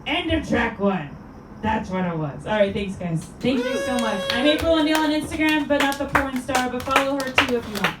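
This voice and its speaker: A woman's voice: high voice, animated, fairly quick, hardly any pauses, noisy background. Woman stand-up comedian, chatty and rambling, roomy echo, distant mic. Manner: chatty, rambling, filler-heavy delivery. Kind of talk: stand-up set. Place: small comedy venue.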